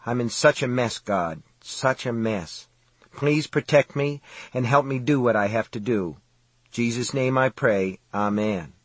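A man voicing a frightened young boy in an audiobook, praying in a pleading, hushed way, with a husky voice. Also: medium pitch, unhurried, no echo.

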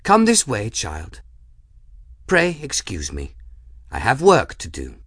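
A man voicing a vast ancient airship spirit that speaks calmly, with gentle amusement. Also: on the low side, slow, husky, dry recording, studio quality, exaggerated voice. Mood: calm amused.

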